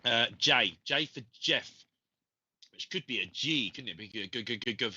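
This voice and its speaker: Guy with a cold doing psychic readings, very bright tense voice, rambling, muffled lo-fi stream. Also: mid-range voice, animated, measured pace, husky. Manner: rambling, gentle, many ums and uhs. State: has a cold. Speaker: psychic medium host. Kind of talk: live psychic reading show.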